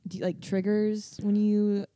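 A young woman hosting a podcast in relaxed, chatty talk, asking her guest questions. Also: mid-range voice, measured pace. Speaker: podcast host. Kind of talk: casual podcast chat.

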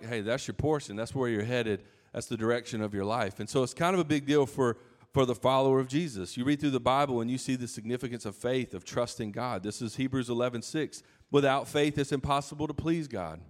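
Conversational male pastor preaching. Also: medium pitch. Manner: conversational preaching with asides and restarts. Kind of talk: sermon.

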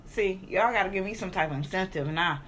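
A woman's voice: mid-range voice, brisk, a bit bright. A woman co-hosting a laid-back chat, rambling along with plenty of fillers and some swearing. Faint background noise sits under her voice. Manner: chatty, profane, rambling with filler words. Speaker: co-host. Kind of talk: casual chat.

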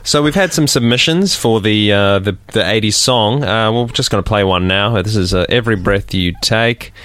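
A man's voice: on the low side, moderate pace, fairly bright tone, no room sound. A young man, hosting a casual student radio show, giggling and hesitant with many ums. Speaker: radio host.

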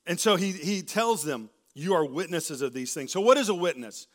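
A man preaching a sermon in a casual, conversational way, often tagging "right?" onto his points and restarting sentences, a little hoarse and clearing his throat. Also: on the high side, expressive, normal speed. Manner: conversational, keeps asking "right?", with many restarts. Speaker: pastor. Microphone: handheld or stage mic.

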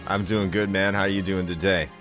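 Podcast guest, male; very deep and quick, with a bright edge and a laid-back slangy manner. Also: level tone, soft background music. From United States. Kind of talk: casual podcast chat.

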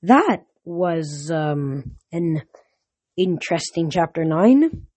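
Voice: medium pitch, sing-song, slow pace, a little mellow, breathy edge, no room sound. Casual home reader of a novel. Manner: casual, hesitant with fillers when chatting. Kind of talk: reading a novel aloud, casual chat after.

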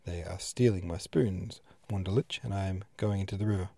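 A man's voice: low-pitched, fairly quick, creaky, dark tone, no room sound. A man voicing a distraught older woman who speaks frantically. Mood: frantic. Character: distraught older woman fearing for her silver.

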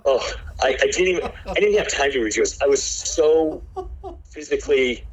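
A man's voice: mid-range voice, expressive, moderate pace, dull audio. A man, a pastor, telling his personal testimony in an earnest, emotional way. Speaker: pastor, guest.

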